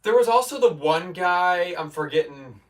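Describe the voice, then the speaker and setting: Male streamer, high-ish lively voice, rambling casual chat, recorded from back off the mic. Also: moderate pace, recorded from a distance. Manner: rambling, restarts, mock-quotes chatters. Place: home gym in a basement.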